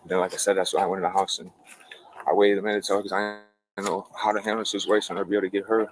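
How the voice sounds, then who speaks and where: A man with an Ohio accent telling police in a rapid, rambling way what he found, swearing often, recorded outdoors by a garage on a police body camera. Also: low-pitched, little pitch movement, rough recording. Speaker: witness giving a statement. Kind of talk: casual account to police.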